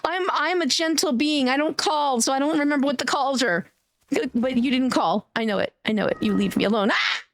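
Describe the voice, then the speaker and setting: High-pitched playful woman streamer. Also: brisk, slight background noise. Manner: playful, teasing, bursts of yelps and exclamations. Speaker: game streamer. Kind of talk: live gameplay stream chat.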